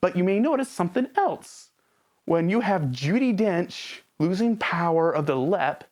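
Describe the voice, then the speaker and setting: A woman delivers a casual movie review in a low-pitched voice that swings widely up and down. She fires off sarcastic rhetorical questions and talks directly to her viewers. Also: a little mellow.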